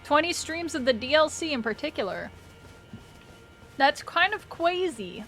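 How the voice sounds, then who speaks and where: High-voiced woman streamer, slow and blunt. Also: big pitch swings, a bit bright, soft background music. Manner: blunt, swears freely, laughs often, talks to chat. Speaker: game streamer. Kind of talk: casual live-stream chat while gaming.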